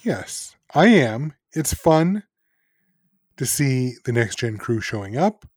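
A man co-hosting a casual podcast, sarcastic and quick to laugh and swear as he critiques. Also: mid-range voice, sing-song, a little mellow, no room sound, studio quality. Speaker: podcast co-host.

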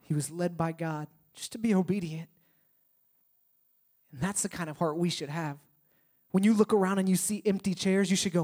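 A young male pastor delivers a sermon in a high voice. He tells the story in a casual, lively way and slips quotes into it. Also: normal speed, pauses often. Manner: conversational, animated storytelling with acted quotes.

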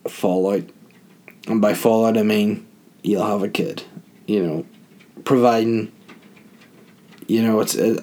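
A middle-aged podcast host with a mid-range, slightly mellow voice delivers a casual comic monologue. It's crude and rambling, and he often mocks himself.

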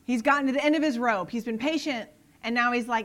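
A woman's voice: on the high side, quick pace, fairly bright tone. A woman giving an earnest Bible teaching on the Psalms, emphatic and fond of repeating her phrases.

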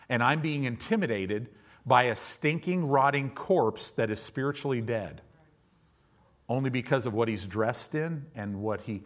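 A man in his fifties preaching, telling a testimony story in an animated way. He repeats words often and acts out the people in his story. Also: medium pitch. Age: 50s.

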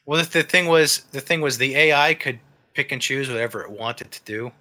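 A man chatting casually on a podcast, explaining a game in a rambling way with frequent restarts. His voice is bright and clear, at an ordinary middle pitch. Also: a little fast. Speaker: podcast co-host reviewing a game. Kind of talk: casual chat.

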